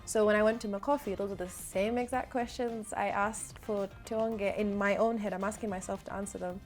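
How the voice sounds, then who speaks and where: A woman's voice: mid-range voice, fairly even intonation, fairly quick, faint music behind. A young woman from Zambia, an actress and model, chatting casually as an interview guest with light humour and frequent laughs.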